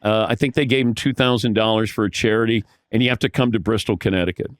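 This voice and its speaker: A man telling animated anecdotes as a podcast guest, acting out the voices of the people in his stories. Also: fairly low pitch, fast, no room sound, clean studio sound. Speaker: podcast guest, veteran sportscaster. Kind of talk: casual storytelling.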